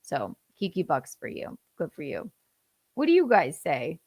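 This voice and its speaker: A woman in her thirties hosting a casual livestream chat, animated and laughing, swearing freely and acting out how she yells. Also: low voice, a little slow, husky, no room sound, studio quality. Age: 30s. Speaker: host.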